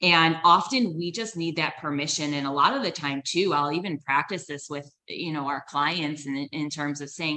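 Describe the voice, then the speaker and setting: A woman's voice: deep voice, moderate pace, hardly any pauses, pushed and bright. A woman financial advisor talking in a conversational, encouraging way, with fillers and restarts. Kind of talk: podcast interview.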